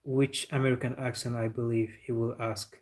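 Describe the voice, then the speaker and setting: A man's voice: mid-range voice, little pitch movement, normal speed, a little mellow. Man chatting on a livestream. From Senegal. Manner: chatty, laughing, answers viewer comments. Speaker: football livestream host. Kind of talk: casual livestream chat.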